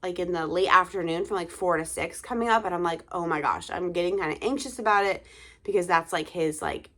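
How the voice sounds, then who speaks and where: A woman's voice: fairly low pitch, a little fast, a bit bright. A young woman, a tired mother of two, chatting casually to camera in a rambling way with many fillers and sighs.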